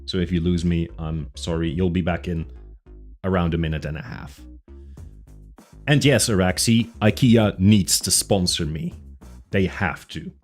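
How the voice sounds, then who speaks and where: A man's voice: sits low, a little slow. A man streaming a casual chat with his viewers, rambling through tangents with many fillers and restarts. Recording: faint music behind.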